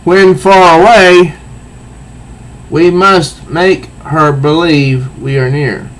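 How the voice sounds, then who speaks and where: A man's voice: on the high side, steady tone, extremely slow, low-quality recording. A man reading the solemn lines of a proud young female warrior villain from a comic.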